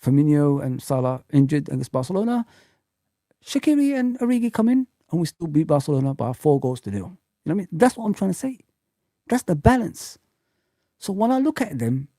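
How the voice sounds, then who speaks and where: Gravelly, heated man ranting. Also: a little high, no echo. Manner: heated swearing rant, shouts when angry. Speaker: fan channel host. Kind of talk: live chat rant.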